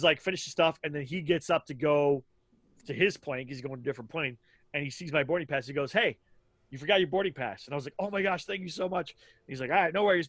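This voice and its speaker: A man's voice: fairly high pitch, fairly bright tone, dry recording. A man in his thirties co-hosting a podcast, telling casual stories in a rambling way with lots of fillers and acted-out quotes. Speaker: podcast co-host. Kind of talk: casual storytelling chat.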